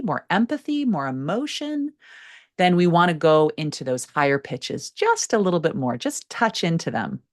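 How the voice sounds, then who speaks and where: A woman with a low-pitched voice teaches public speaking, talking straight to her viewers. Her delivery swings widely in pitch, leaning hard on the key words of each sentence. She sounds like a coach walking a learner through a lesson. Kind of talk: instructional talk to camera.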